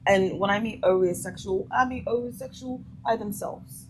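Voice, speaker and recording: A woman's voice: medium pitch, fairly quick, background noise. A woman hosting a vlog, reacting to a clip with blunt, emphatic opinions in a casual way. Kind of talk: casual commentary.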